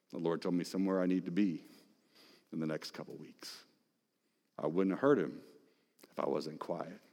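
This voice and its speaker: A man preaching a sermon as pastor, moving between loud, emphatic passages and hushed, near-whispered ones. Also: low voice. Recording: long reverb of a large hall.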